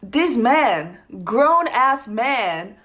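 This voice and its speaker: A woman's voice: fairly high pitch, very animated, very slow, fairly bright tone. A woman from Italy tells a casual story in an incredulous, mocking tone.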